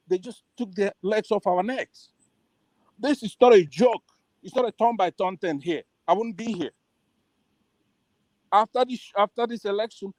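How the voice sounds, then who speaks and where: A man phones into a call-in show and presses his complaint, insistent and demanding. His voice sits high, and the sound is bone dry with no room around it. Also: darkish tone, dry recording. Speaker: caller.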